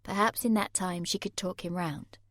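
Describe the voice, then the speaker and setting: A woman narrating a thriller audiobook in the first person, measured and tense. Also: fairly low pitch, steady tone, a bit bright, no room sound, studio quality.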